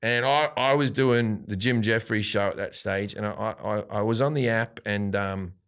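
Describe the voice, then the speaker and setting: An Australian man, a comedian guest, telling a profane anecdote in an animated way and acting out quotes. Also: fairly low pitch, normal speed, clear, resonant tone. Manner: animated, swearing freely, acts out quotes.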